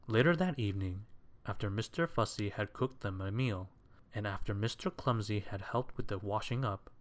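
A man reading a children's story aloud in a measured, expressive way. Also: fairly low pitch.

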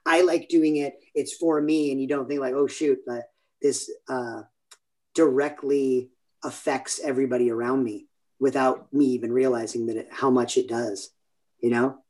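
A man's voice: medium pitch, steady tone, normal speed, a little mellow. A man in his forties from California, telling stories in a rambling, self-interrupting way during a casual interview chat. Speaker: podcast guest.

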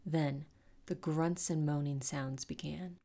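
A woman hosting a fiction podcast, introducing a story and then narrating it aloud. Her voice sits a little low, and her reading is cheerful and expressive. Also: slow.

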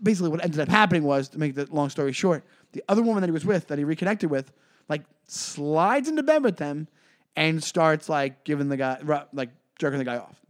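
Animated man telling a story on a podcast. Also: a little fast. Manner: animated storyteller, jumps high when quoting people. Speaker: podcast co-host and comedian. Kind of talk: casual storytelling chat.

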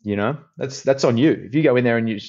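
A middle-aged Australian actor and presenter, appearing as a guest in a casual interview, tells stories in a chatty, animated way, restarting his sentences often. His voice is mid-range and quick, and the recording has its highs cut off.

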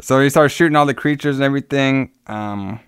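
A man's voice: medium pitch, fairly quick, smooth, no echo. Guy rambling thru a movie plot, lots of "like" and "um", dry close mic. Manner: rambling retelling with many fillers. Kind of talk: casual movie recap chat.

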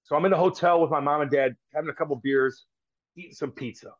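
A man's voice: on the high side, fast talker. Rambling, profane man telling a story. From St. Louis, US. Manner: rambling, profane, restarts sentences. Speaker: podcast guest, former pro hockey player. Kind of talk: casual storytelling. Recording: slightly dull lo-fi sound.

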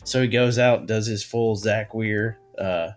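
Low-voiced man telling a story. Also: fairly even intonation, faint music behind. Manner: halting, full of fillers, laughs easily. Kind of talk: casual storytelling chat.

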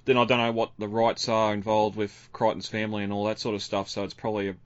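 A man's voice: lowish voice, completely flat delivery, fast, dry recording. A man hosting a podcast in casual chat, laughing often. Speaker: podcast host. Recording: dry, slightly dull audio.

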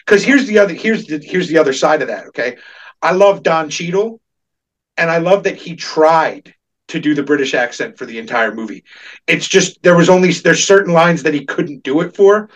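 An animated man giving strong opinions in a loose, laughing way. His voice sits a little high for a man and sounds set back from the microphone, with some distance in the pickup. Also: normal speed. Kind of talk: casual chat.

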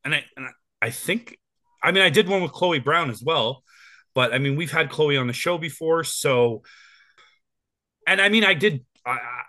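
A man's voice: on the high side, expressive, normal speed, pauses often, sharp tone, no room sound. A man in his forties co-hosting a casual podcast, rambling with plenty of ums and restarts. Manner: rambling, with many fillers and restarts. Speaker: podcast co-host.

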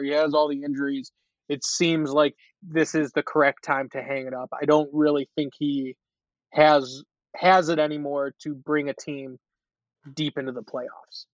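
A man hosting a casual sports podcast, animated and chatty with lots of fillers. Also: a little high, no room sound, highs cut off.

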